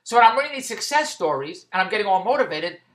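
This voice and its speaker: A man's voice: sits high, big pitch swings, fast talker, a bit bright. A man in a rambling monologue vlog, stumbling and restarting as he goes, amused at his own tangents. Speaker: vlogger.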